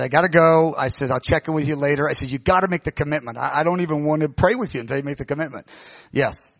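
A middle-aged man preaches, spinning a story with lively, acted-out voices. His voice sits a little high, and the sound is dry and close. The recording is dull and lo-fi. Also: no room sound. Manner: animated, acts out quoted voices. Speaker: pastor. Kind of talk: storytelling sermon.

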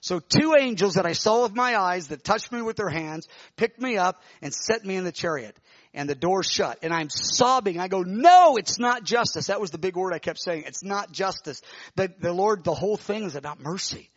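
A man preaching, telling a vision in an animated, emotional way with many restarts. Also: high voice, fairly quick, no echo, muffled recording. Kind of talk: sermon testimony, telling a vision.

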